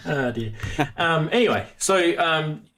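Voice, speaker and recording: A man's voice: a little high, a bit bright. A man hosting a live stream about synth modules, chatting casually and rambling with many restarts. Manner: rambling, self-interrupting, chatty.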